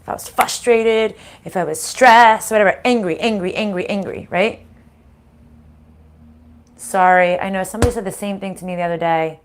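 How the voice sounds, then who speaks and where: A middle-aged woman giving a casual spiritual reading, frank and animated, swearing freely and laughing often. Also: mid-range voice, normal speed, slight background noise. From Italian-American family. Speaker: spiritual reader and channel host.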